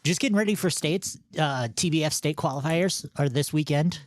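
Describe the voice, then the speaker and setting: A man's voice: on the high side, moderate pace, no room sound. A man hosting a podcast, chatting casually in a rambling, playful way. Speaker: podcast host. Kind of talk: casual chat.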